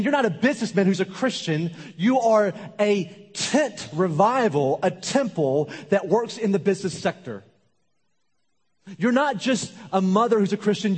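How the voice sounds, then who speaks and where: A man delivers a sermon with an emphatic, repetitive preaching rhythm and sudden quiet drops. His voice sits a little high with a husky edge. A long reverb from a large worship hall trails his words. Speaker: pastor.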